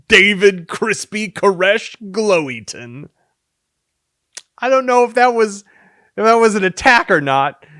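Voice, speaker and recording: A man's voice: sits high, a bit bright, no room sound, clean studio sound. A man reading a long list of silly names for his game devlog, playfully and with theatrical flair. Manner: reads names with theatrical swings, sometimes mock-dramatic.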